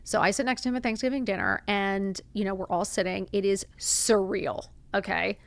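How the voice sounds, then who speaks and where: A woman hosting a podcast, telling a personal story in a casual, animated way, acting out quotes and saying "like" a lot. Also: medium pitch, normal speed, vocal fry, no echo. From Miami. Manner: animated, acts out quotes, says "like" often. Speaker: podcast host.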